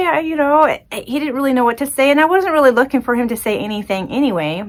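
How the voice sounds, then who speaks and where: A woman hosting her own podcast, telling a personal story in a chatty, expressive, self-deprecating way. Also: sits high, fast, few pauses. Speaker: podcast host. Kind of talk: casual solo podcast storytelling.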